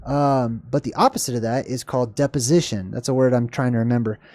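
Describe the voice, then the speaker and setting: A man hosting a livestream, answering chat questions in a casual, rambling way, often searching for words and correcting himself, with a slightly hoarse voice. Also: medium pitch, steady tone, fast talker, darkish tone, no echo.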